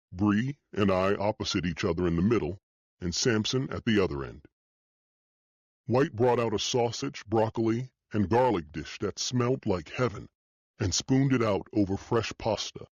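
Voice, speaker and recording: Low-voiced male audiobook narrator. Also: no echo, lo-fi sound. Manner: steady, measured storytelling. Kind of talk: scripted first-person narration.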